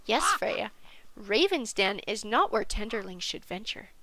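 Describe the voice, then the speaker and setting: Woman playing a gentle butterfly governess. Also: mid-range voice, unhurried, a little hiss or hum, low-quality recording. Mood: reassuring. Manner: calm, reassuring. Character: gentle protective giant butterfly governess, female.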